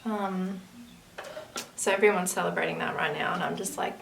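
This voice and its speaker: A woman's voice: fairly low pitch, steady tone, moderate pace, gravelly. A woman chatting casually through a makeup tutorial, rambling into asides as she works. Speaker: makeup vlogger. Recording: roomy, distant camera audio with faint hiss.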